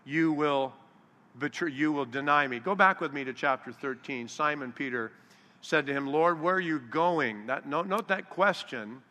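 Male pastor, sermon delivery, drawn-out scripture readings, reverberant hall sound. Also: medium pitch, bright, forceful tone. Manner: slows down for scripture quotes, acts out disciples' voices. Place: large hall with long reverb.

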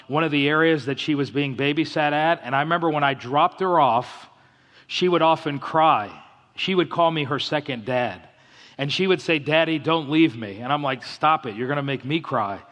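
Earnest middle-aged pastor preaching in a hall. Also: male voice, fairly high pitch, fairly bright tone. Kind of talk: sermon. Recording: long hall reverb.

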